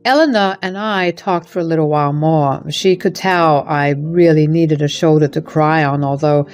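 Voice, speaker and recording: A woman's voice: sits low, fairly even intonation, normal speed, darkish tone, faint music behind. Woman narrating an emotional story. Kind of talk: scripted first-person story narration.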